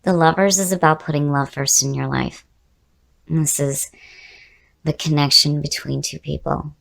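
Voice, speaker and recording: Low-voiced hoarse woman reading tarot. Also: fairly even intonation, normal speed, a bit bright. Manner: musing, repeats key words, talks straight to the viewer. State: hoarse, losing her voice. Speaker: tarot reader. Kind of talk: casual spoken tarot reading.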